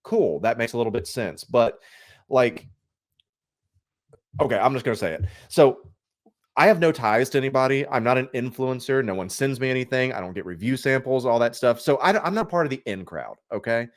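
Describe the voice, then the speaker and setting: A man's voice: mid-range voice, brisk. Guy ranting on a podcast, voice jumps up and down, does whiny impressions. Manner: animated ranting, mimicking others in a whiny voice. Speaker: podcast guest, collector. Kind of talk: casual podcast chat.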